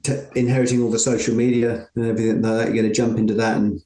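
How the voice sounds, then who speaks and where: A man's voice: fairly low pitch, little pitch movement, rapid-fire, dark tone, roomy sound. A man with an English accent chatting casually as a co-host, hesitant and agreeable. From England. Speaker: podcast co-host. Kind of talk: casual chat.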